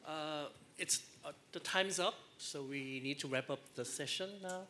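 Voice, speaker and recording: A man's voice: a little high, measured pace, pushed and bright, slight background noise. A man moderating a conference session as he closes it, hesitant and using frequent fillers. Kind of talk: closing a panel session.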